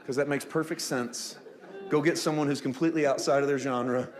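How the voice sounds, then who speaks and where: A male pastor delivering a conversational sermon, mixing humorous asides with sudden quiet, hushed moments. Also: mid-range voice, steady tone, fairly quick. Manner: conversational preaching with humorous asides and dramatic drops to a hush.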